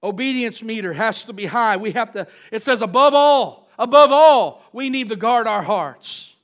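High, bright-voiced preacher man. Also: moderate pace. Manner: preaches with rising, emphatic repetition and asks the congregation questions. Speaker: pastor. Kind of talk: sermon.

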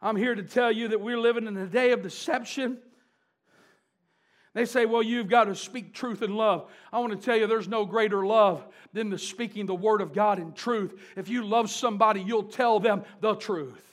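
A man preaching a sermon, swinging from fervent, shouted declarations to quiet asides. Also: high voice, moderate pace.

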